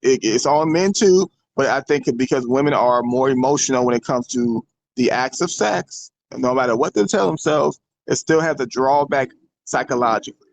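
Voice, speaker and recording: A man's voice: medium pitch, moderate pace, vocal fry, rough recording. A man hosting a casual opinion show, talking bluntly and emphatically, with some swearing. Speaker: show host.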